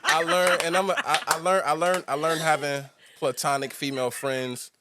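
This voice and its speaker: A man's voice: fairly high pitch, fairly even intonation, moderate pace, heavy background noise. A man hosting a casual podcast chat, rambling and restarting his sentences as he asks the question. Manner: loose, rambling, restarts often.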